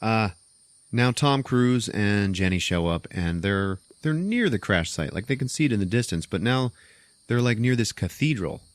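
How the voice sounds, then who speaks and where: A man hosting a podcast, casually retelling a film's plot as an animated, profane storyteller. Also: fairly low pitch, moderate pace, no room sound. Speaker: podcast host. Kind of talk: casual movie recap.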